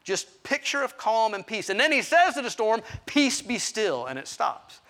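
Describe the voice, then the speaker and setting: A middle-aged man preaching by telling a story on himself, candid and ready to poke fun at his own faults. His voice sits high for a man and comes across bright and forward. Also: animated, moderate pace. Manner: candid, self-deprecating storytelling with asides. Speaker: pastor. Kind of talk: storytelling sermon.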